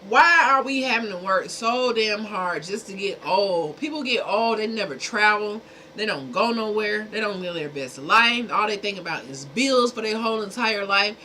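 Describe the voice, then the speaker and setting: Woman streamer, blunt and exasperated, casual talk to chat, mid pitch, noisy background. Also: lively intonation, normal speed, pushed and bright. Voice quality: speaking from a dentist's perspective. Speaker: livestream host.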